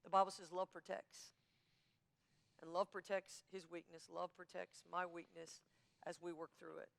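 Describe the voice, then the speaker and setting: A woman co-teaches on marriage in a church. Her voice is smooth and resonant, with a gravelly fry at the bottom. She speaks plainly and chattily, with a playful, teasing streak. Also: lowish voice, little pitch movement, normal speed, a bit bright, long reverb tail. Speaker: minister co-teaching with her husband. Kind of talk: marriage teaching, casual asides.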